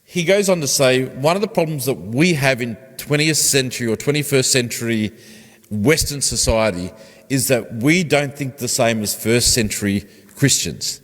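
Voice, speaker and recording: A pastor with a mid-range voice and moderate pace gives a conversational sermon in a church, asking his congregation questions. The recording carries a long church reverb.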